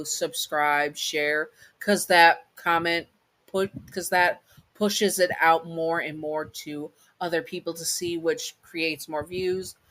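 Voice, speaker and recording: A woman's voice: low voice, a bit bright, dry recording, poor audio. A woman hosting her own channel, narrating a story and then rambling chattily through her outro with many asides.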